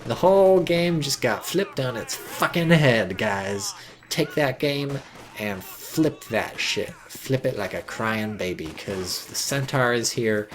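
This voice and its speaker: A man casting a strategy game match in casual commentary, excitable, sarcastic and swearing freely. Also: lowish voice, a little hiss or hum. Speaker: game caster.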